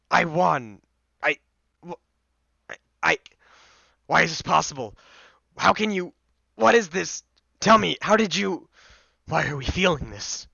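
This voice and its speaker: A gravelly demon underling, put on by a man, loyal but terrified, stammering his pleas in a raised, tense, bright voice. The sound is dull and dry, like a cheap home mic. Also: fairly high pitch, no echo, pitched above the performer's own voice, exaggerated voice. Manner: stammering, pleading. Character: cornered male demon servant, loyal yet frightened.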